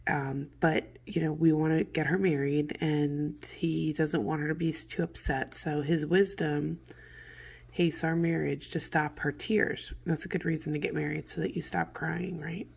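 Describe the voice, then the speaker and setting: A woman teacher reading a play aloud and explaining it to students in casual, modern paraphrase, with throat clearing from morning allergies. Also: sits low, little pitch movement, measured pace, darkish tone. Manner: conversational, paraphrases lines in plain modern words.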